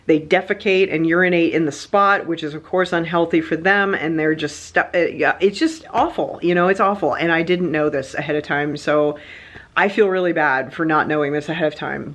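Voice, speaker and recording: Chatty woman vlogger telling a story. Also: low-pitched. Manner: chatty, animated, lots of fillers like "like" and "you know". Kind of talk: casual storytelling vlog.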